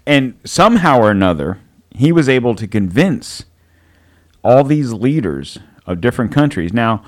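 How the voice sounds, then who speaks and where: A man co-hosting a podcast in casual chat, rambling and joking, laughing often. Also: on the low side. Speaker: podcast co-host.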